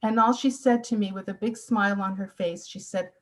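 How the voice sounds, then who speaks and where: A woman's voice: mid-range voice, steady tone, fairly quick, poor audio. A woman in her sixties gives a personal testimony talk, telling her family's story with earnest, emotional emphasis. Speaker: speaker.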